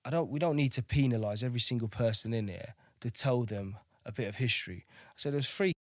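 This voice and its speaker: Male navy veteran, thirties, mid-pitched, candid and profane, dry close recording. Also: fast, dry recording. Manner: blunt, swears freely, keeps asking "do you know what I mean". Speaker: podcast guest, navy veteran.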